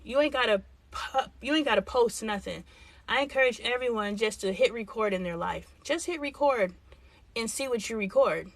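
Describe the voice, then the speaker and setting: Speaking at a moderate pace in a fairly high pitch, a middle-aged woman runs a livestream and reads out viewers' comments. She chats casually and frankly, working through her thoughts aloud. The recording is dry.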